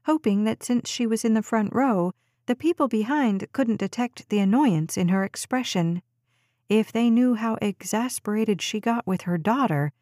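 A woman reads a novel aloud in steady, even audiobook narration. Her voice sits at a middle pitch. The sound is dry and close with no room around it. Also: no echo. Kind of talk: scripted narration.

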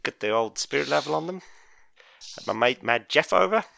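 A man's voice: medium pitch, expressive, a little fast, gravelly, bright, forceful tone, pitched above the performer's own voice, full character voice. Man doing a droning South African bloke. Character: chatty dull male referee, droning about his weekend.

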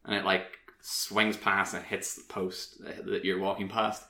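A man's voice: on the low side, flat delivery, measured pace, bright, forceful tone. A man rambling through a game story in casual podcast chat, with many fillers. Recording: roomy echo.

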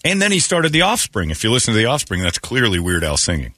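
A middle-aged man hosting morning radio, with a very deep voice that still swings widely as he jokes. The tone is bright and a touch husky, and he speaks into a dry, close studio mic, quick with sarcasm. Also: no room sound. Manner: joking, sarcastic, animated delivery. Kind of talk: casual morning show banter. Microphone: studio microphone.

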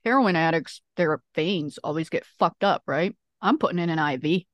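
A woman's voice: sits low, moderate pace, no echo. A woman playing a tabletop game, chatting bluntly and casually. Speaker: player. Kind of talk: casual podcast chat.

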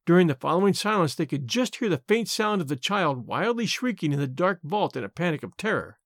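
A man reading a classic short story aloud, expressive and varied. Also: a little high, fairly quick, few pauses, dry recording, studio quality.

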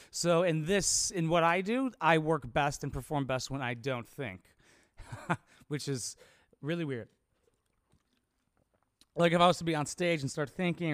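Rambling, cursing young comedian. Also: male voice, on the high side, fairly bright tone, clean tone, no echo, clean studio sound. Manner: rambling, profane, laid-back. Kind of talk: casual solo monologue.

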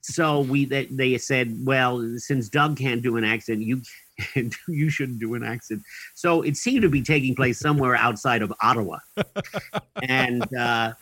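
A man's voice: mid-range voice, fairly bright tone, husky, no room sound, poor audio. A man being interviewed as an actor, telling long anecdotes in a wry, chatty way with dry comic timing, many fillers and restarts. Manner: dry comic timing, chuckling at his own punchlines. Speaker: actor guest.

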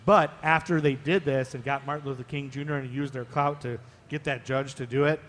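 A man from Ohio, co-hosting a podcast live on stage, shares history stories in a loose, joking way. He has a mid-range, fairly bright voice with a steady tone and a brisk delivery; there's slight background noise and a long stage reverb.

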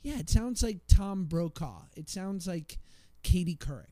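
A man's voice: sits high, animated, a little slow, warm tone, no echo, faint music behind. A man from Manhattan, a podcast guest, chatting casually with wry, playful jokes. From Manhattan, New York.

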